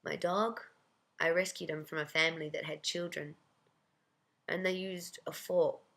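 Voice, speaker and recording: A narrator doing an old Russian granny, gravelly and cooing. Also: female voice, deep voice, steady tone, unhurried, a bit bright, exaggerated voice. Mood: confiding. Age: older. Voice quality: smoke-laden voice. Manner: cooing, broken English. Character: old Russian grandmother, doting, blunt, mischievous.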